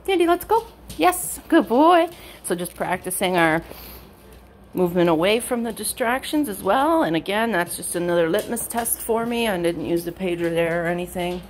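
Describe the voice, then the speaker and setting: Woman, dog trainer, casual narration, indoors at home, faint background hiss. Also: moderate pace. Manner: switches between high bright praise for the dog and low quiet explanation.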